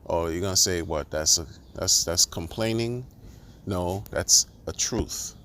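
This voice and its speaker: A man's voice: deep voice, measured pace, bright, forceful tone, a little hiss or hum. A man ranting in a monologue, exasperated and sarcastic, firing off rhetorical questions and restarting his sentences. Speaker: crypto commentator.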